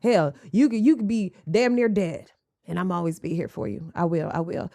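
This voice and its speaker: A woman's voice: lowish voice, a little fast, mellow. A woman hosting a casual commentary, reacting to a clip with blunt, profane sass and joking sarcasm.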